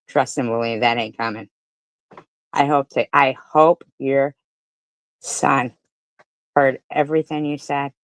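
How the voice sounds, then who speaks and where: Woman ranting furiously, dry close voice. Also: dry recording. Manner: swings between shouting and low mutters. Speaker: commentary streamer. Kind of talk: angry live-stream commentary.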